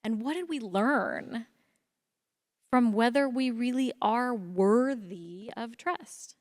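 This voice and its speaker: A woman's voice: a little high, slow. A woman speaking on a panel, telling a personal story in an earnest, reflective way. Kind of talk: storytelling on a conference stage. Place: theatre stage. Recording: long hall reverb.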